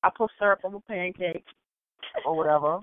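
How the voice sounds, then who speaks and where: A man's voice: high-pitched, a little fast. A man from suburban Maryland, chatting casually as a podcast co-host and telling stories playfully. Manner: animated, playful storyteller, laughs often. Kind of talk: casual chat. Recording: tinny phone-like sound.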